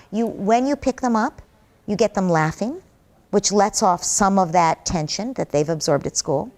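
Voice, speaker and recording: A woman answering interview questions as a parenting expert, calm and reassuring, repeating key points for emphasis. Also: lowish voice.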